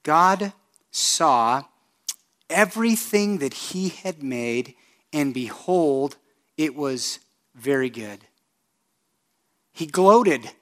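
A man preaching a sermon as pastor, asking the congregation direct questions and swinging from hushed, slow lines to loud, emphatic ones. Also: on the high side, animated.

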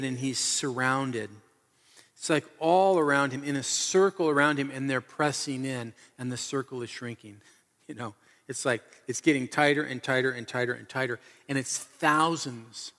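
A man's voice: medium pitch, a bit bright. A man preaching a sermon as pastor, telling the story with earnest, emphatic repetition. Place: church hall. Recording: reverberant hall.

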